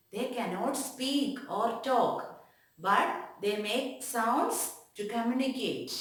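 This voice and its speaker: A woman teaching an online class to young children, asking questions and making animal sounds in a slow, deliberate, exaggerated way. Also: a little high, fairly bright tone. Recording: echoey room.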